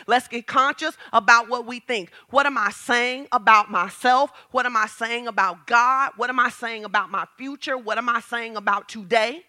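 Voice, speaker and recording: A woman pastor preaching a lively sermon, asking the congregation questions and building to shouts. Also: fairly high pitch, moderate pace, few pauses. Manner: talks straight to the congregation with questions.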